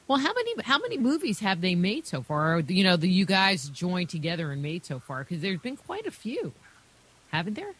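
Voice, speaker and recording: A woman's voice: lowish voice, huge pitch swings, brisk, fairly bright tone, slight background noise. A woman hosting a radio show, asking rambling, chatty questions of her guest. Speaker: radio host. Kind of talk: interview questions.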